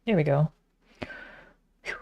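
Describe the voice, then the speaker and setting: A woman with a slow, slightly mellow voice talks to herself while streaming a frustrating game. Her casual commentary comes as muttering, occasionally dropping to a whisper.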